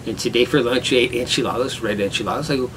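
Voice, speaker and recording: Rambling dad vlogging from home, mid-pitched, easygoing storyteller. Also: male voice, fast talker, distant mic, background noise. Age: adult father with a son. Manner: rambling, laughs hard at his own story. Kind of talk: casual storytelling vlog. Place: indoors at home, rain outside.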